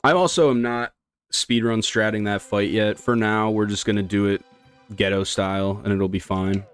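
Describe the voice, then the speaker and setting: A speedrun streamer chats on a live stream while playing, rambling in a slangy, laid-back way. His voice is lowish and smooth, with a steady tone and moderate pace, and soft music plays behind him.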